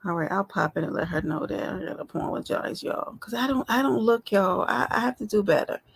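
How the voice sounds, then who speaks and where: A woman's voice: medium pitch, animated, brisk, vocal fry, husky. A woman hosting a casual live stream, talking straight to her viewers in a chatty, affectionate way. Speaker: livestream host.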